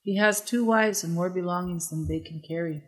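A narrator voicing a calm, matter-of-fact middle-aged mother in a storybook reading. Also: medium pitch, moderate pace, close to an everyday voice.

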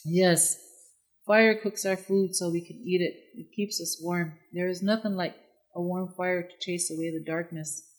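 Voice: mid-range voice, steady tone, measured pace, close to an everyday voice, poor audio. Narrator doing sad lonely young woman, plaintive, storybook. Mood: resolute. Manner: sorrowful, plaintive. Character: grieving lonely young woman, last of her people.

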